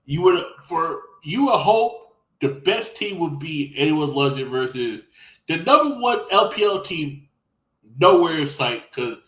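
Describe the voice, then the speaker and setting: Bright-voiced guy on a podcast, cussing and telling stories, echoey room. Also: on the high side, a little slow. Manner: profane, animated storytelling with put-on quotes. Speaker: podcast co-host. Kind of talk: casual esports chat.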